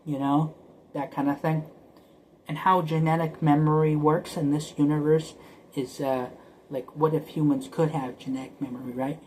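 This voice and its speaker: A man's voice: a little high, little pitch movement, moderate pace, a little mellow, slight background noise, poor audio. A man talking to camera in a rambling, casual monologue, often repeating and stuttering over words and now and then dropping to a whisper. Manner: drops to whispers at times. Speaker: vlogger.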